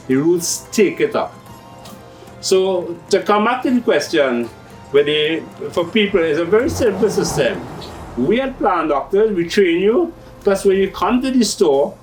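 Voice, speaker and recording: A man's voice: on the high side, far from the mic, rough recording. A middle-aged man with a Trinidadian accent, patiently explaining how his hydroponic systems work on a farming TV show. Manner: explanatory, patient, uses local turns of phrase. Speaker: hydroponics shop owner.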